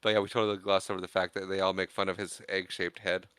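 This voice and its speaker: Podcast co-host, male, bright crisp voice, dry close mic, chatty movie recap with quick put-on voices for characters. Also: low-pitched, level tone, no echo. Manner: acts out characters' lines in exaggerated voices while recapping. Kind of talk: casual movie recap chat.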